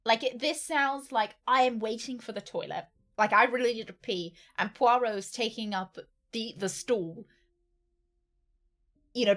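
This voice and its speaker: A woman's voice: mid-range voice, fairly bright tone. Girl streaming a game, giggly and rambly, little music under. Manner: giggly, rambling, jokey asides. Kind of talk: gaming livestream commentary.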